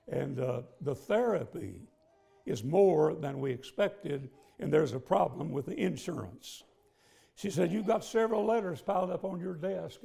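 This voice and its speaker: A middle-aged male preacher with a heavily gravelly, mellow voice pitched a little high for a man. He tells a long personal story from the pulpit in a relaxed, folksy manner, pausing often as he goes. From southern United States. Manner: folksy, conversational storytelling with many pauses. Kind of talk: storytelling sermon. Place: church sanctuary.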